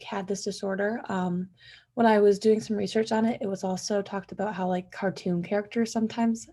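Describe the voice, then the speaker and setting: A woman's voice: mid-range voice, dark tone, slightly rough. A young woman giving a class presentation, hesitant, with frequent ums and likes. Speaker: student presenter.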